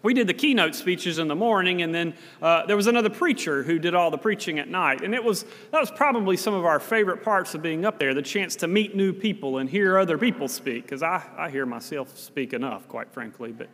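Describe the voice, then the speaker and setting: A man's voice: a little high, expressive, brisk, few pauses, a bit bright. A male pastor, preaching a sermon in a folksy, conversational storytelling way. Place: church sanctuary. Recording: long reverb of a church hall.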